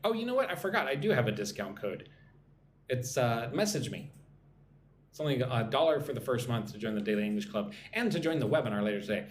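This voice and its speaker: A man's voice: mid-range voice, very animated, fast, echoey room, slight background noise. A man teaching English on a live stream, reading chat comments and drilling pronunciation.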